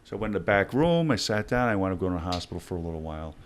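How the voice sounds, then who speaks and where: A man's voice: low-pitched, rapid-fire, slight background noise. A middle-aged man, telling stories in a podcast interview and acting out the dialogue as he goes. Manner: animated storyteller acting out dialogue. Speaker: guest, former hostage negotiator.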